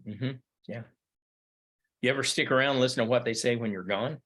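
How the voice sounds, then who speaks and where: A man's voice: mid-range voice, normal speed, creaky, fairly bright tone, husky. Middle-aged male history teacher, emphatic, rhetorical lecture style. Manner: emphatic, with repeated rhetorical questions. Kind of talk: classroom lecture.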